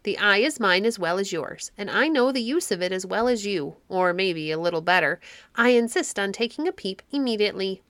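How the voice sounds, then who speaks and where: A woman's voice: mid-range voice, expressive, a little fast, a bit bright, no echo, lightly acted. A woman voicing a peevish, insistent old gray woman demanding her turn.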